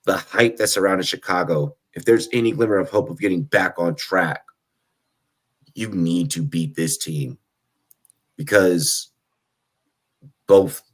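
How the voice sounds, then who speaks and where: A man co-hosting a sports podcast, talking in an animated, casual way with occasional cursing. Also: low-pitched.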